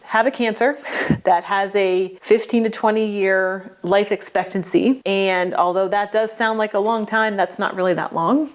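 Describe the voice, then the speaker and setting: A woman in her forties talking earnestly in a personal vlog, halting and restarting often, emotional and close to tears at times. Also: medium pitch. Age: 40s. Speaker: vlogger sharing a health update. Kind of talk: personal vlog talk to camera.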